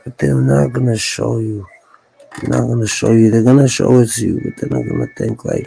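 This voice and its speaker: A man's voice: mid-range voice, a little fast, vocal fry, dark tone, breathy edge, low-quality recording. A man talking to himself on a solo livestream, rambling and repeating his lines in a musing, conspiratorial way. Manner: repetitive, musing aloud, conspiratorial.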